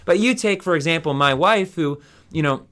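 A man's voice: fairly high pitch, expressive, moderate pace, fairly bright tone. A man hosting a Bible study podcast, teaching in a casual, rambling way with many fillers and restarts.

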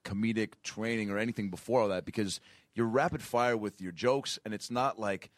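A man's voice: fairly low pitch, brisk, dry recording, clean studio sound. A man co-hosting a casual podcast, eager and rambling with jokes. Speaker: podcast co-host.

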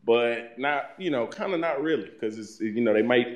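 A man's voice: mid-range voice, expressive, moderate pace, reverberant. A man from Dallas, Texas, a stand-up comedian guest talking in a laid-back, hesitant way with many fillers. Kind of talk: casual chat.

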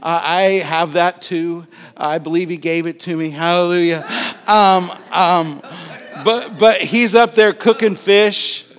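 A man's voice: high-pitched, measured pace, clear, resonant tone. A male pastor preaching a sermon, acting out Bible scenes in different voices. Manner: animated, acts out Bible scenes with voices and laughter.

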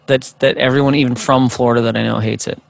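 A man's voice: mid-range voice, little pitch movement, fast talker, creaky, background noise. A man hosting a casual chat, teasing his guests with jokes. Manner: teasing, joking.

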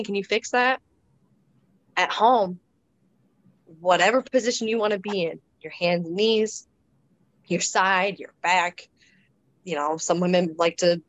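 A woman with a slightly low voice talks through her experience in a relaxed, reflective way, often restarting sentences and reaching for fillers. The sound is dry and close, with a dull, lo-fi tone. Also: no room sound. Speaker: guest describing her births. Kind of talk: casual interview storytelling.

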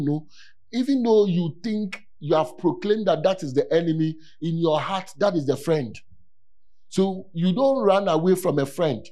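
Animated male preacher, emphatic repetitions. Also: on the high side. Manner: animated, rises to near-shouts for emphasis, repeats key words. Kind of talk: sermon.

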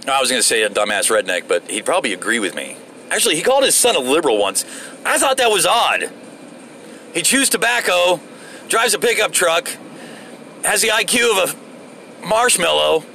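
A man's voice: on the high side, pushed and bright, slight background noise. Sarcastic, cursing man ranting while driving. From Florida. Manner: profane, rambling, sarcastic. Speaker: vlogger. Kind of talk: casual rant while driving. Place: inside a moving vehicle.

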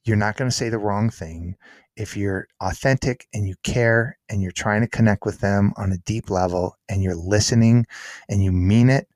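A man's voice: lowish voice, darkish tone, no echo, studio quality. Earnest man in podcast interview. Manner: earnest, emphatic, acts out quotes. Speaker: author and guest.

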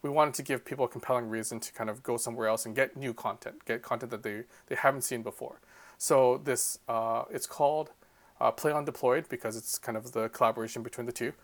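A man's voice: medium pitch, steady tone, quick pace. A man talking as a podcast guest, earnest and explanatory in a casual chat. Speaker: podcast guest, tabletop channel co-host.

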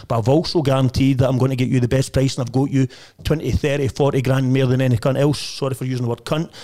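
A Lanarkshire man in his thirties talks at a brisk clip with a middle-pitched voice. He tells his stories in a blunt, boastful way and peppers nearly every sentence with swearing. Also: dark tone. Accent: Scottish, Lanarkshire. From Lanarkshire, Scotland. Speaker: estate agent, podcast guest. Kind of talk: casual storytelling chat.

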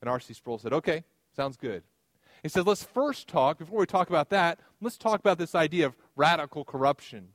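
A man's voice: fairly high pitch, animated, a little fast, dry recording. A man delivering a sermon as pastor, in a conversational style with personal stories and light humor.

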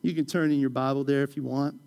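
A man's voice: medium pitch, little pitch movement, fast, darkish tone. A man preaching a sermon as pastor. He talks conversationally, tells stories and jokes with the congregation. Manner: conversational, storytelling, joking with the congregation.

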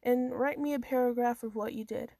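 A woman voicing a stern, sarcastic gray-haired art professor, speaking slowly and dryly in a storybook reading. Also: a little high, steady tone, vocal fry, warm tone, no room sound.

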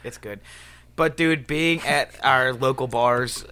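A young man telling stories in an excitable, profane way during a casual chat among friends. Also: mid-range voice, takes it slowly, smooth.

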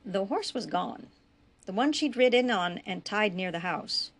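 Gravelly woman reading her story. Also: medium pitch, expressive, measured pace. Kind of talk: storybook narration.

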